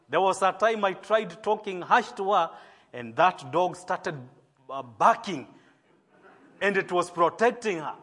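A man's voice: a little high, fairly bright tone. A man from Kenya with a Kenyan English accent, a bishop preaching a sermon in an earnest way, stressing key words and adding apologetic asides.

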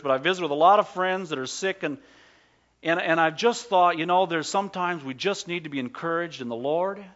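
High-voiced male pastor, folksy and conversational. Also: a bit bright, muffled recording. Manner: folksy, conversational preaching with restarts and direct questions to the congregation; reads scripture slowly and deliberately. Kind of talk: sermon. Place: church.

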